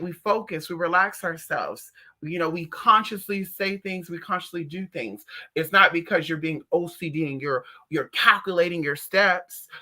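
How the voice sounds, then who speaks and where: A woman reader chatting casually to her viewers from home in a sassy, slangy, animated way. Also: fairly low pitch. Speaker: spiritual reader and streamer. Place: at home indoors.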